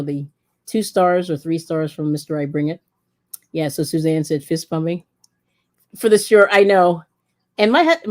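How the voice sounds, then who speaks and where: Chatty, giggly woman hosting a live stream, lowish voice that swings a lot, rambles through viewer comments. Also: warm tone. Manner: chatty and giggly, laughs often between remarks; rambling, with many fillers and restarts. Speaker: cooking live-stream host. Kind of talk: casual live-stream chat, reading viewer comments aloud.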